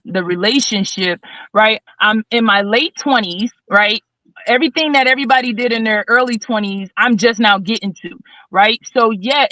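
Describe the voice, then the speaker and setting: A woman in her thirties talking as a podcast guest, animated and preachy, checking in with "right?" again and again. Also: fairly high pitch, dry recording, low-quality recording. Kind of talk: casual podcast discussion. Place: studio.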